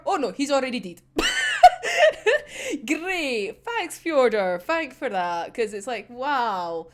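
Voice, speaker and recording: Woman reviewer for a casual episode talk: bouncy, swinging pitch, swears freely, laughs often. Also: wildly swooping pitch, slow pace.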